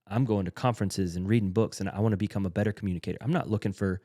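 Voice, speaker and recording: A man's voice: fairly low pitch, steady tone, rapid-fire, mellow, no echo, studio quality. A man who leads in a church, a podcast guest explaining his ideas earnestly and step by step. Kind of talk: casual conversational interview.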